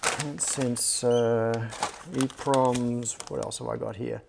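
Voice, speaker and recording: A man's voice: mid-range voice, little pitch movement, slow, gravelly. A man hosting a live stream, chatting casually and muttering to himself while he searches a workshop clean room. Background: rustling anti-static bags and clicks.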